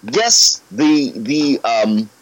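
Man, podcast guest: lively, rising pitch, gets ranty, dry close sound. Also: very slow, no room sound, dull audio. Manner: animated, ranty, swears when worked up. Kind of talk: casual football podcast chat.

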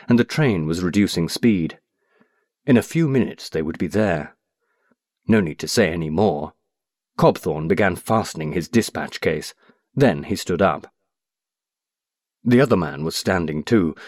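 A man with a very low voice narrates an audiobook expressively and at a measured pace, his pitch moving lively through each sentence. The recording is close and dry, with no room sound.

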